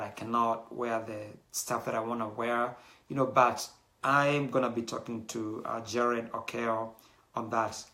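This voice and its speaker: A man's voice: mid-range voice, sharp tone. A man hosting his own show, talking casually and animatedly to the audience, with many fillers and bits of Swahili slang. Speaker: show host.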